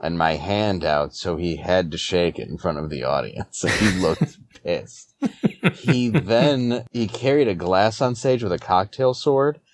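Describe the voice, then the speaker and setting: Deep-voiced man telling a story. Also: a little slow, slight background noise. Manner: animated anecdote-teller, acts out other people. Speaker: comedian guest. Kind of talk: conversational storytelling.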